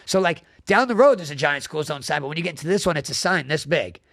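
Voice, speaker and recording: A man in his thirties co-hosting a casual comedy show, telling stories fast, swearing and laughing often. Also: a little high, animated, creaky, fairly bright tone, no echo, clean studio sound. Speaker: podcast co-host.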